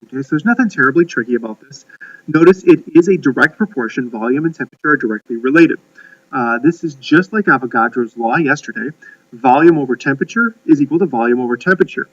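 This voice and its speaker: Folksy chemistry teacher, lo-fi distant mic. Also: male voice, medium pitch, expressive, quick pace. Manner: folksy, rambling, many "uh"s and restarts. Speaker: high school chemistry teacher. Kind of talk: recorded classroom lecture.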